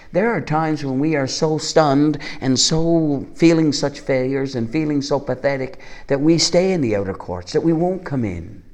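A man's voice: mid-range voice, a little mellow. A man preaching a sermon, earnest and asking the congregation rhetorical questions.

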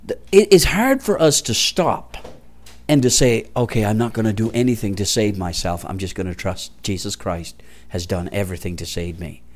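A middle-aged male pastor preaching a conversational sermon, often dropping to a hushed voice for prayers. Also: on the low side, normal speed.

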